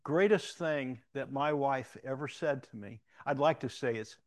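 A middle-aged man preaching a sermon, telling personal stories and moving between loud emphatic questions and quiet reflective moments. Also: medium pitch, measured pace. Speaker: pastor.

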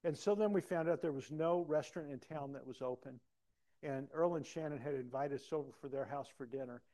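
A man preaching a personal testimony, acting out dialogue and swinging from soft to loud. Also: on the high side, a little fast. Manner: animated, acts out dialogue, big swings in loudness. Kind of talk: sermon storytelling.

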